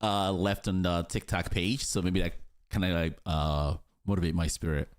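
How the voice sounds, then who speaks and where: A man's voice: low voice, fairly even intonation, normal speed. Sarcastic man reacting to a clip. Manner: sarcastic, blunt asides. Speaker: reaction streamer. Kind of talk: live reaction commentary.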